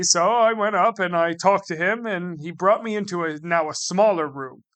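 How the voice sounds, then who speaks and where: A man's voice: high-pitched, moderate pace, hardly any pauses, fairly bright tone, smooth. A man from the United States telling a casual comedic travel story, rambling and sarcastic, repeating himself with many asides.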